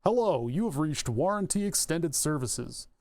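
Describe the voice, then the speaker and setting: A man voicing an automated phone operator, speaking robotically with careful pronunciation. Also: fairly high pitch. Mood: robotic. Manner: robotic, carefully pronounced, slow and even.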